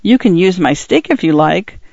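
A man's voice: high-pitched, lively intonation, normal speed, gravelly, a little mellow, no echo, muffled recording, exaggerated voice. A man voicing a polite, eager young farm boy in a storybook reading. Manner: polite, says sir.

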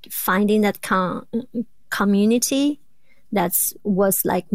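A woman in her thirties from rural China, a Chinese native speaker, talking as an interview guest with a clear stutter of repeated sounds and blocks. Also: mid-range voice, no echo. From rural southwest China. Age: 30s. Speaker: guest, doctoral student. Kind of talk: interview conversation.

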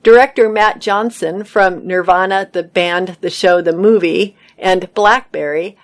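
A woman reading entertainment news articles aloud in a steady read-aloud manner. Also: fairly low pitch, a little slow.

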